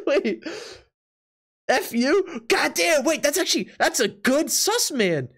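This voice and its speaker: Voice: sits high, sing-song, slow pace, a bit bright. A live-stream host reacting to drawings, laughing often and disbelieving, tripping over repeated words. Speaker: Twitch streamer.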